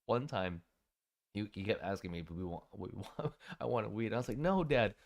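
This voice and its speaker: A man in his thirties co-hosting a casual livestream chat, telling animated stories with lots of laughter and swearing. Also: fairly low pitch, brisk, gravelly. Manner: animated storyteller, laughs a lot, swears freely. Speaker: co-host.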